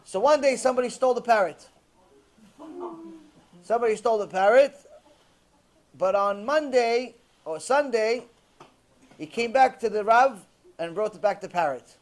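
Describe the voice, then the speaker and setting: A rabbi giving a lecture, telling a story in a lively storytelling manner and mixing in Hebrew terms. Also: male voice, very high voice, moderate pace, long pauses.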